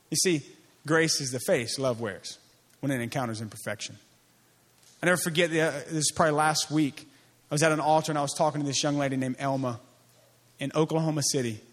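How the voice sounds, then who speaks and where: A pastor delivers a sermon with an emphatic, repetitive rhythm, his voice pitched on the high side. On the key lines he drops into a soft, slow delivery.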